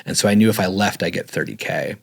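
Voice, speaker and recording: Guest, male, lowish voice, casual storyteller, heavy filler words. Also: fast, vocal fry. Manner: rambling, filler-heavy, says "like" often; animated when retelling dialogue.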